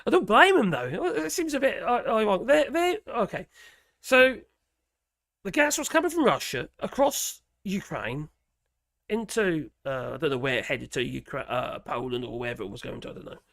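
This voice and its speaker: A man's voice: high voice, very animated, moderate pace, creaky, fairly bright tone, no room sound, clean studio sound. A man with a Norfolk accent, rambling bluntly through a casual live stream, his voice slightly strained. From England. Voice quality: slightly strained, mucus-prone throat. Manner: rambling, blunt, chatty with frequent restarts and slang.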